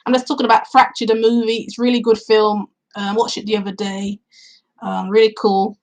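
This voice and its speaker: A woman's voice: medium pitch, little pitch movement, a little fast, darkish tone, low-quality recording. A woman reviewing a film in a casual vlog, retelling the plot at length with fillers and quoting her own reactions, recorded outdoors in cool weather.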